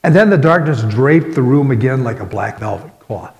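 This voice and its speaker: A man preaching a sermon as pastor, earnest, with dramatic pauses. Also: mid-range voice, expressive, creaky, darkish tone, dull audio. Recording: echoey hall with long reverb.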